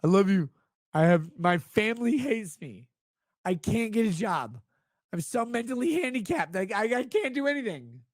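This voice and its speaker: A drunk, slurring man putting on a high, pleading whine to mock a desperate, self-pitying man who begs for attention. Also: sing-song, normal speed, no echo, studio quality.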